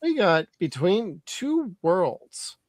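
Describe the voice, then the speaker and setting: A man's voice: sits high, big pitch swings, extremely slow, a little mellow, dry recording. A man hosting a live podcast, chatting loosely and swearing freely. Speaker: podcast host. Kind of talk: casual live podcast chat.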